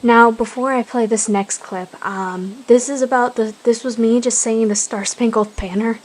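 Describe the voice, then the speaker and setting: A woman softly narrating a casual animal roleplay story and chatting to viewers. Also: a little high, fairly even intonation, normal speed, noisy background. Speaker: storyteller and video creator.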